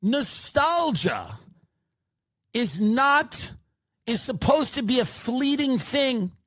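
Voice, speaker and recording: A man's voice: very high-pitched, slow pace, a bit bright, dry recording, clean studio sound. A man hosting a podcast, delivering a mocking comedic rant and swearing freely. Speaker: podcast host.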